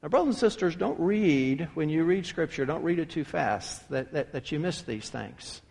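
High-voiced man preaching in an echoing hall. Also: normal speed, gravelly. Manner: emphatic and animated, with repeated restarts. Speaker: pastor. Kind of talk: sermon.

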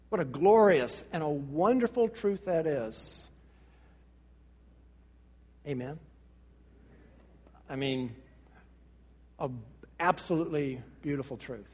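A man preaching a sermon in a high, light voice that swings between hushed, intimate stretches and rising, urgent ones. His words ring out with a long reverb from a large hall. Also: husky. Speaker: pastor.

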